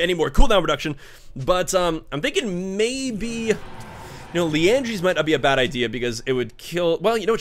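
Excitable high-voiced male gamer. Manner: excitable, swings from muttering to yelling; swears and laughs in frustration. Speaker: gaming YouTuber. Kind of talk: live gameplay commentary.

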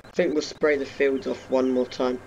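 Chatting to viewers from his bedroom, this young YouTuber gives laid-back let's-play commentary on a farming game, tossing in self-mocking asides. His mid-range voice is level, normal in speed and a little mellow, though the recording is muffled with slight background noise.

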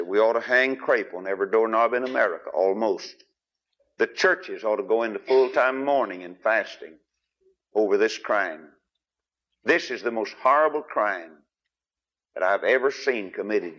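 A man preaching a sermon, emphatic and questioning his listeners, with big swings in loudness. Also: fairly low pitch. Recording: dull lo-fi archive recording.

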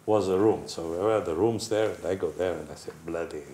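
Older man telling a lively racing yarn. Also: deep voice, fairly quick. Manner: lively storyteller, acts out voices and crash sounds, laughs often. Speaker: panel guest telling racing stories. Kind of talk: casual anecdote among friends. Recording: roomy echo with faint background hiss.

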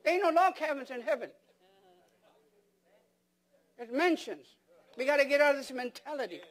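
A man's voice: very high voice, animated, normal speed, a bit bright. A man preaching a sermon as pastor, firing rhetorical questions at the congregation and repeating words for emphasis.

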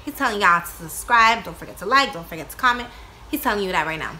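A woman vlogging casually from home, loud and playful, swearing freely. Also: mid-range voice, animated, fast talker, over loud music. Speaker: YouTube vlogger, mother of two. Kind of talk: casual vlog chat. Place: home with kids nearby.

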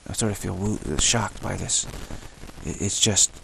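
A man leading a spoken meditation practice, repeating the same word again and again between short phrases in an unhurried, musing way. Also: low voice, vocal fry, a bit bright, slight background noise. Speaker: meditation teacher.

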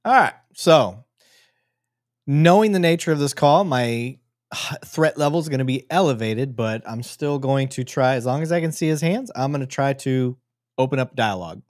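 A man's voice: medium pitch, animated, moderate pace, no echo. Joking male live-stream host, dry sound. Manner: casual, joking, swears freely. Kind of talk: live reaction commentary.

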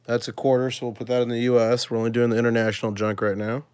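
A man hosting a casual coin-collecting video, chatting to his viewers and thinking aloud as he sorts, with excited little exclamations. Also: mid-range voice, racing, clear, resonant tone, no echo. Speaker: coin collecting channel host. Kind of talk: casual live coin sorting chat.

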